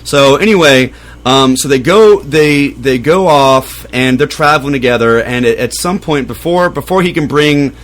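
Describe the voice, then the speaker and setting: A man's voice: medium pitch, normal speed, a bit bright. Rambling, profane male podcast co-host. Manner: rambling, profane storytelling with many fillers. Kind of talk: casual film recap chat.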